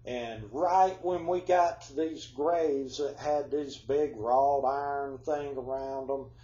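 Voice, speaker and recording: A man's voice: medium pitch, fairly even intonation, takes it slowly, dark tone, echoey room, highs cut off. A man telling ghost stories in a folksy, drawling way, his voice congested from flu-like symptoms. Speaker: storyteller. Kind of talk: casual ghost storytelling.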